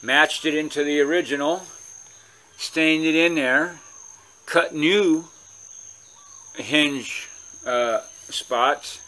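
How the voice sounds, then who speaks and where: A man from California rambles through a casual story for his channel. His voice is bright and ringing and sits a touch high, and he keeps circling back and restarting his sentences. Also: drawn-out words, pauses often. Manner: rambling, chatty, many restarts. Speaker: vlogger.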